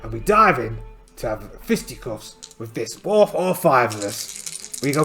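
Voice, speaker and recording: His medium-pitched voice swings widely in pitch, sounding creaky and fairly bright at a normal speed. Playing a tabletop game alone as host, he narrates in a playful storytelling style and thinks out loud about his rolls, backed by faint music.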